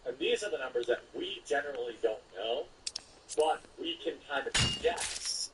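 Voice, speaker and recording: A man's voice: mid-range voice, animated, normal speed, recorded from a distance, background noise. A man giving opinionated political commentary to his viewers, with asides asking them to follow and sign up.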